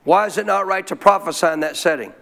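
A male pastor telling a story in a sermon, folksy and animated, often clearing his throat. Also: high-pitched, quick pace.

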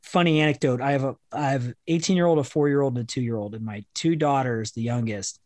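A man's voice: mid-range voice, fairly quick, a little mellow, no echo. Man host who swears freely, dry sound. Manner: swears freely, rambling anecdotes. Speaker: podcast host. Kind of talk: casual podcast interview.

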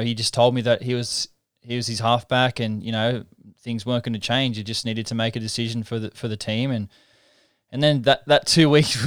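A man's voice: mid-range voice, clear, resonant tone, dry recording, studio quality. A man, a guest in a casual interview, telling a story in a reflective, earnest way with many restarts. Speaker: interview guest, professional rugby league halfback.

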